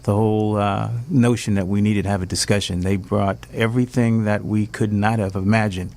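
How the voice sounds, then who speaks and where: A man whose voice is hoarse from losing it, talking excitedly as a guest on a talk show and rambling through many fillers. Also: lowish voice, a little fast. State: hoarse, lost his voice. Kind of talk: casual chat.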